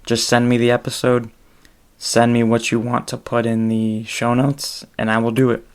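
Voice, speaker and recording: A man hosting his own solo podcast, talking in a rambling, halting way with many fillers. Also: mid-range voice, completely flat delivery, clean tone. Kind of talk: casual solo podcast monologue.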